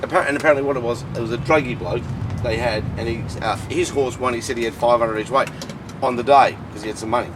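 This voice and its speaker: A man hosting a racing chat show, telling stories in a lively, swearing, animated way. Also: mid-range voice, quick pace. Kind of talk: casual chat. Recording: distant mic with loud traffic noise.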